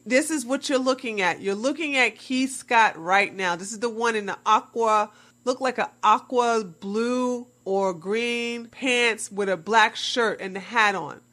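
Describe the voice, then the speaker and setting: Slow, bright, sarcastic woman commentator. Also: a little high. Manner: sarcastic, mocking, addresses viewers as y'all. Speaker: commentary vlogger. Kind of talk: scripted commentary.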